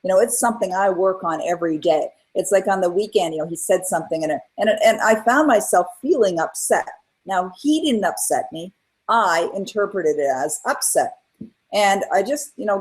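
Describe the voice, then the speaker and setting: Earnest middle-aged woman, husky voice. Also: lowish voice, normal speed, low-quality recording. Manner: earnest, animated retelling with acted-out quotes. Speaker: guest, author and coach. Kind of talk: candid interview storytelling.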